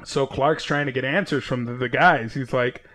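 Dude gushing about comics, acting out the lines, swears a lot, regular pitch. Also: male voice, moderate pace. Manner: animated retelling with acted-out quotes and frequent swearing. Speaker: comic book podcast co-host. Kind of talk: casual chat. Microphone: headphones and mic setup.

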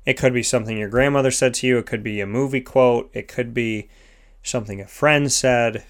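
A man's voice: mid-range voice, fairly even intonation, fairly quick. A man hosting a motivational self-help segment, speaking earnestly in repeated, emphatic lists. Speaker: host of a sponsored motivational segment.

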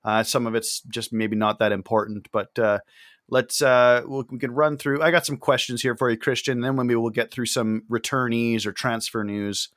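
A man's voice: medium pitch, fairly even intonation, normal speed, a bit bright, dry recording, clean studio sound. A man hosting a casual podcast chat, reading out listener questions and leading the talk. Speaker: podcast host.

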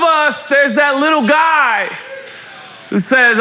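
A man preaching a lively sermon in a church, joking, shouting and acting out voices as he talks. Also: very high voice, slow pace, pauses often, a faint crowd, a little hiss or hum. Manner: animated, joking, shouts and acts out quotes. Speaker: pastor. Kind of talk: lively sermon to a live congregation. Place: church hall.

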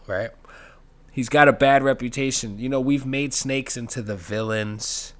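A man's voice: medium pitch, a little fast. Profane, sarcastic stand-up guy. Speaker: stand-up comedian. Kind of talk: comedic monologue.

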